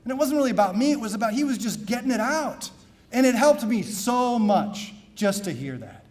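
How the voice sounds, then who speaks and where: Man, priest, conference keynote, high voice, storytelling, soft asides, loud emphatic peaks. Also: big pitch swings, a little fast. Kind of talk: keynote talk at a men's conference. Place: conference hall.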